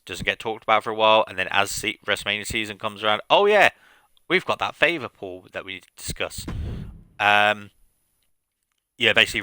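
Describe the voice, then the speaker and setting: A man talks through a long recap on a game stream, rambling and loose, leaning on fillers. His voice is low-pitched yet sharp and tense, with a smooth, crisp tone. The sound is dry and close. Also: no echo. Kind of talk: casual stream commentary.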